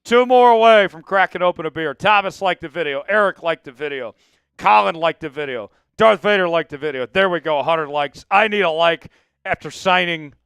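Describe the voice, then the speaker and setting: A man with a voice on the high side, vocal fry and a slightly bright, clean tone talks fairly quickly as the host of a live sports stream. In casual live-stream chat he's hyped and pleading with viewers, breaking into bursts of mock outrage. It's studio quality with no echo.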